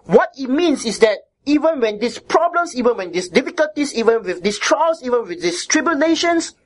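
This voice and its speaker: A woman preaches a sermon in a somewhat high voice. She teaches in an emphatic, repetitive way and keeps checking in with her listeners with "right?" and "isn't it?". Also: big pitch swings, normal speed.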